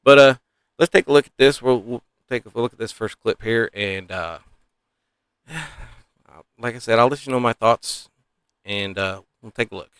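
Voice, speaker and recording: A man's voice: mid-range voice, moderate pace, long pauses, a bit bright, smooth, no echo, studio quality. A man giving casual, opinionated political commentary, rambling and sighing often.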